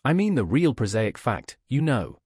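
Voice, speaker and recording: A man's voice: mid-range voice, sing-song, moderate pace, a little mellow, husky, no room sound, studio quality. A man reading the part of a mild, careful young man in an audiobook, explaining things plainly and patiently.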